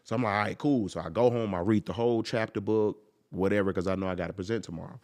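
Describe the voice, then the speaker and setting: A young man, a podcast guest, telling a personal story in a casual, animated way and acting out the people in it. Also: lowish voice, fast talker. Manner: animated, acts out quoted people.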